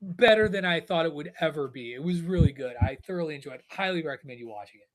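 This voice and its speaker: A middle-aged man hosting a podcast, telling stories in casual, animated chat and rambling with restarts. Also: a little high, fast talker. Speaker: podcast host.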